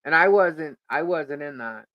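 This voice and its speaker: A middle-aged woman co-hosting a live podcast, chatting casually and telling an animated story in which she acts out what people said. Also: deep voice, measured pace, no room sound, lo-fi sound. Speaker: podcast co-host.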